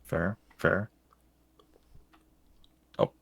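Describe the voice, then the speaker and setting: A man's voice: drawn-out words, fairly bright tone, dry recording, clean studio sound. A man, a stream guest, telling stories in casual chat, rambling and self-mocking with frequent restarts.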